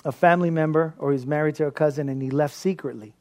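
A man preaching a sermon as a pastor, telling stories in an animated way and laughing often. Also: fairly high pitch, quick pace. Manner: animated storytelling with frequent laughter.

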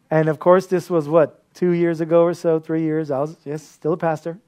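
Pastor, male, slightly high voice, animated sermon delivery with lots of laughter. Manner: animated storytelling with frequent laughter.

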